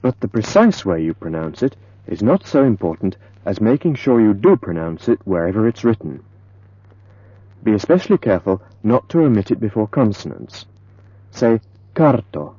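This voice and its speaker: Male language tutor, lively intonation, dull dry lo-fi tape sound. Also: lowish voice, breathy edge, no room sound. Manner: slow, careful, modeling words for repetition. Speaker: language teacher. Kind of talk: scripted pronunciation lesson.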